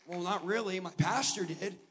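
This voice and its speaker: A preacher doing a sheepish excuse-making churchgoer. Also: male voice, high-pitched, moderate pace, long reverb tail, a little hiss or hum. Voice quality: soft, hesitant, sheepish. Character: timid ordinary male churchgoer making excuses.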